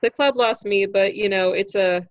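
A woman who is a standup comic, telling a story in casual chat, animated and swearing freely. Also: mid-range voice, normal speed, no room sound, muffled recording. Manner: animated, acts out quoted voices, swears freely.

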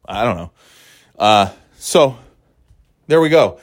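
A man's voice: fairly low pitch, very animated, slow pace, no room sound. Dry-voiced rambling sardonic man. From US East Coast. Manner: rambling, sardonic, lots of restarts and fillers. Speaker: vlogger. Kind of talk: casual rambling monologue.

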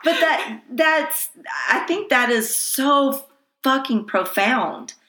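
A woman hosting a podcast in casual chat, emphatic, agreeing often and laughing loudly. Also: sits high, lively intonation, takes it slowly. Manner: emphatic, frequent yeahs and loud laughs. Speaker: podcast host. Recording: echoey room.

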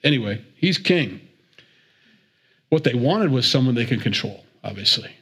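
A man's voice: mid-range voice, lively intonation, normal speed, fairly bright tone, husky. Chatty man teaching the Bible. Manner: chatty and digressive, with repeats and chuckles.

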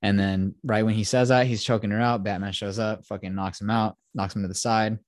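A man's voice: on the low side, fairly even intonation, a little fast, no echo, studio quality. A young man hosting a podcast, giving a rambling, profane retelling of a film plot in casual chat. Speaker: podcast host.

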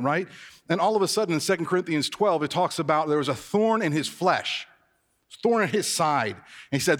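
A man preaching a sermon, telling stories about himself with self-deprecating humor. His voice sits a little high for a man. It rings with the long reverb of a church hall. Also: fairly bright tone. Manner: conversational, self-deprecating storytelling. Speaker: pastor.

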